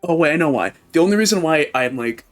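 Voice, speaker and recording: A man's voice: fairly high pitch, animated, fast talker, faint music behind. A man in a loose group chat, thinking aloud with many restarts and fillers, swearing freely. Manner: rambling, stumbling, swears freely. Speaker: friend in group discussion. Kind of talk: casual group chat over a call.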